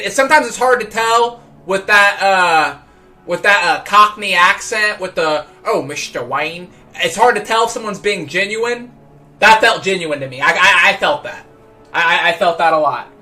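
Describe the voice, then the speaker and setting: High bright-voiced livestreaming man. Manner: rambling, stammering repeats. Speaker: livestream host. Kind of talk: casual livestream chat.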